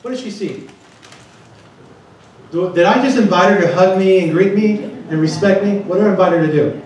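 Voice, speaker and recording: In a large, echoey conference room picked up by a distant mic, a man with a high, darkish voice talks fast. As a conference speaker giving a seminar, he keeps firing questions at the audience. A bit of hiss or hum is audible.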